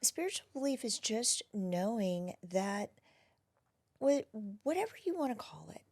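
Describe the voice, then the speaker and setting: A woman who is a wellness practitioner, talking gently and reflectively as an interview guest, often dropping to a soft near-whisper. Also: a little high, sing-song, measured pace. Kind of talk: casual interview conversation.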